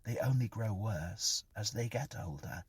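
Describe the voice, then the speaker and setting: A man's voice: lowish voice, animated, measured pace, slightly rough, pitched above the performer's own voice, exaggerated voice. A man doing a nervous, smitten young man. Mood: earnest, defensive. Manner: earnest, defensive, eager to please.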